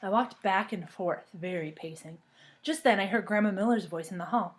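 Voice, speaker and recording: A woman reading a children's storybook aloud in a lively, expressive way, then talking to the children she reads for. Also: medium pitch, moderate pace. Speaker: reader of a children's book.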